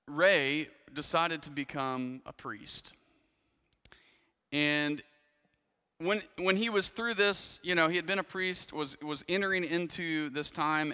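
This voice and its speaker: A man's voice: medium pitch, sharp tone, clear, resonant tone, big-room sound. A man preaching a sermon in a church, telling a story in a conversational way with frequent restarts and asides. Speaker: pastor.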